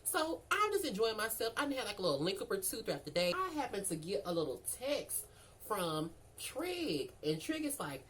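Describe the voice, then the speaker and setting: A young adult woman, casually telling a story and acting out both sides of the conversations with animated, profane flair. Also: mid-range voice, moderate pace, a little hiss or hum, low-quality recording.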